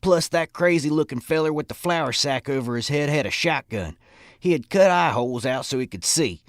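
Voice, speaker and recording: An actor playing a tough, stubborn stagecoach driver who talks in a plain, folksy way. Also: male voice, on the high side, lively intonation, moderate pace, no echo, clean studio sound, lightly acted. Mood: recounting. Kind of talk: audio drama acting.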